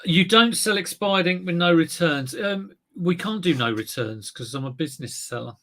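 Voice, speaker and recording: A man's voice: fairly high pitch, lively intonation, normal speed, a bit bright. A man hosting a casual live stream, chatting to viewers and thinking aloud, with frequent fillers and self-mocking asides. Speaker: eBay reseller livestream host.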